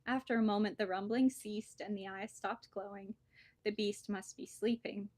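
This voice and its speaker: A woman's voice: medium pitch, normal speed, no room sound. Woman reading a children's book, dry sound. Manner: lively, expressive storytelling. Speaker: bookseller.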